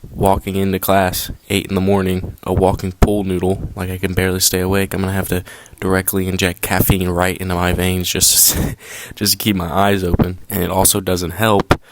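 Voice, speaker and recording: A man with a slightly low voice tells a storytime commentary over a basketball video. He is sarcastic and animated, often turning to the listener with rhetorical questions. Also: fairly quick. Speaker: basketball YouTuber.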